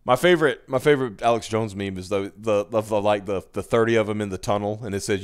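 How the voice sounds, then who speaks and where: A man's voice: lowish voice, fast, clear, resonant tone, no echo, clean studio sound. A man co-hosting a casual livestream chat, talking profanely and getting heated, laughing often. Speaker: podcast co-host.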